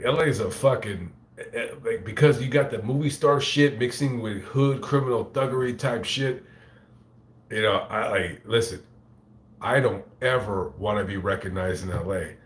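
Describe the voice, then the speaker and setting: A fairly low-pitched male voice, heard in a roomy space, belongs to a YouTuber telling a casual story to camera and reading chat. His talk is profane and meandering, and he stumbles over his words with one restart after another.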